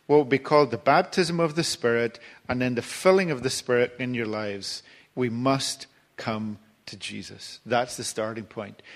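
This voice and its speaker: Conversational male preacher, halting delivery. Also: medium pitch. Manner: conversational, halting, with many fillers and restarts. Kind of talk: sermon.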